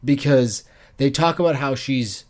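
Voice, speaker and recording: A man's voice: mid-range voice, a little slow, a little mellow. A man co-hosting a book club podcast, chatting casually, joking and laughing often. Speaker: podcast co-host.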